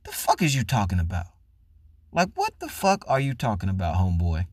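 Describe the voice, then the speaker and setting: A man hosting a podcast, ranting and swearing in a mocking, loud comedic way. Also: low-pitched, wildly swooping pitch, fairly quick, no echo. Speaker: podcast host. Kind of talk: profane comedic rant.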